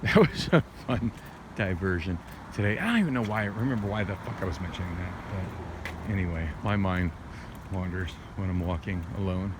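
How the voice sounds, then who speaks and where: A man's voice: deep voice, expressive, normal speed. Man rambling on a windy night walk. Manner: rambling, many restarts and fillers, candid and profane. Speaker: vlogger. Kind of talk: rambling late-night walking vlog. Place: city street at night, outdoors, walking. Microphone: handheld phone. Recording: windy outdoor phone audio.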